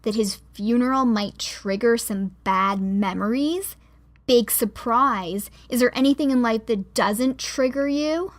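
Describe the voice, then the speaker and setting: Brief: woman narrator doing an angry, defensive young woman in an audiobook, sharp-tongued, slow and a little high. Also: big pitch swings. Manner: sharp, lashing out.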